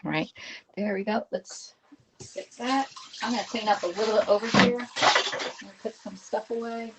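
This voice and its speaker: A woman's voice: medium pitch, steady tone, normal speed, heavy background noise. A woman in her fifties with a Southern US accent, chatting to viewers during a live home cooking stream and talking herself through each step. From Pennsylvania. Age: 50s. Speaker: cooking livestream host. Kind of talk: casual live cooking demo. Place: home kitchen.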